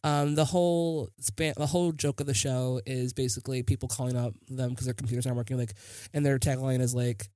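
A woman's voice: rumbling low, steady tone, fairly quick, warm tone, no room sound. A woman co-hosting a podcast, gushing in casual chat, peppering her talk with "like" and the odd swear word. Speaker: podcast co-host.

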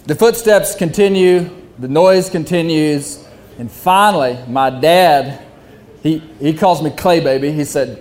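A young man telling a hunting story, animated and often laughing while he talks. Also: a little high, normal speed. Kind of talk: casual storytelling.

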